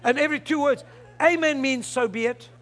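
High, bright-voiced fervent preacher man. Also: a little fast. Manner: fervent preaching, bursts into shouts. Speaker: pastor. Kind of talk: sermon.

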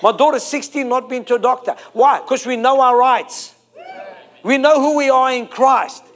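A man's voice: extremely high pitch, normal speed, a bit bright. A man, preaching a sermon to a congregation, emphatic and fond of repeating and stretching key phrases. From South Africa.

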